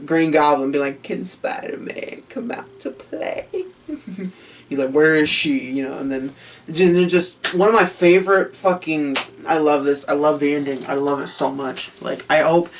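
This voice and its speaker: Excited, profane man reviewing a film. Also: fairly high pitch, distant mic. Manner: excited, profane, laughing often.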